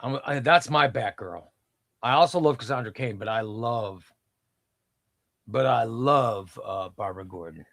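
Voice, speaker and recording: A man's voice: medium pitch, measured pace, creaky, a bit bright, dry recording, studio quality. A middle-aged man hosting a casual comic book livestream, rambling and reading chat aloud.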